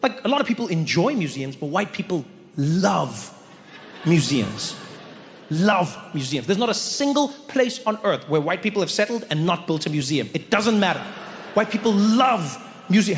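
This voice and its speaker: A man's voice: high-pitched, lively intonation, normal speed, big-room sound, slight background noise. A man performing stand-up comedy on stage, telling stories in a playful way and acting out voices. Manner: playful storytelling, acts out voices. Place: comedy stage before a live audience.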